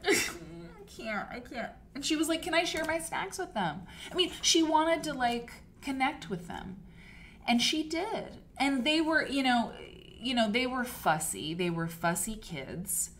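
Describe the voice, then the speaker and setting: A woman's voice: high voice, lively intonation, measured pace, fairly bright tone, slight background noise. A woman hosting a casual live quilting stream, gushing and chatty, rambling with fillers and restarts. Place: home studio. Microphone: desk mic for a live stream.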